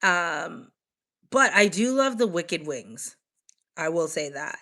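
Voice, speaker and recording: A young woman from the United States hosting a casual livestream, chatting with viewers in an animated way full of "like" fillers. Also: fairly low pitch, slow. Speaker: livestream host. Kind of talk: casual livestream chat, reacting to viewer comments.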